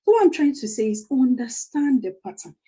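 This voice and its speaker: A woman's voice: high-pitched, sing-song, brisk, mellow, breathy edge. A middle-aged Nigerian woman, a family coach, telling personal stories in a motivational talk, repeating phrases for emphasis and laughing as she goes.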